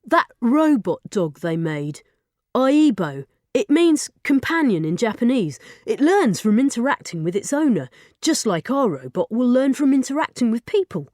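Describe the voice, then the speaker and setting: A woman's voice: fairly high pitch, very animated, darkish tone, no echo, pitched above the performer's own voice. Woman reading as an earnest boy tech geek, bouncy delivery, dry close recording. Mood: explaining. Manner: explains things keenly, quick and earnest. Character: eager schoolboy, a know-it-all about robots.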